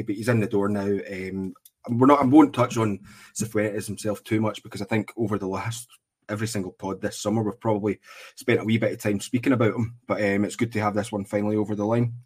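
Husky-voiced podcast host. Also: male voice, fairly low pitch. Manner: relaxed, chatty, lots of ums. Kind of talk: casual football chat. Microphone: earphones in, podcast mic.

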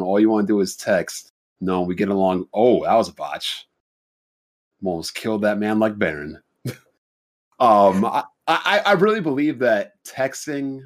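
A young adult man on a podcast telling a dating story in a blunt, profane, casual way, acting out both sides of the conversation in his own voice. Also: lowish voice. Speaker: podcast host.

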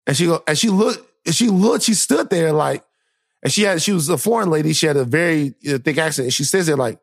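Animated man telling a story. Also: fairly quick, no echo, studio quality. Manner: animated storyteller, rises high when exasperated. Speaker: podcast co-host. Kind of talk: casual chat, storytelling.

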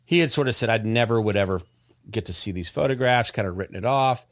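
A man telling a story in a casual podcast chat, animated and rambling, with many restarts and fillers. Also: lowish voice, fast, no echo, clean studio sound. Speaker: podcast host.

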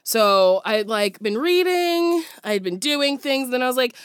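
A woman telling a story on a podcast with a lively, bouncing pitch that sits on the higher side. She swears freely and acts out every person in the tale. The recording is dry and close. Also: unhurried, smooth, dry recording. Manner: animated, swears freely, acts out voices in anecdotes. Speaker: guest comedian. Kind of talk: casual storytelling chat.

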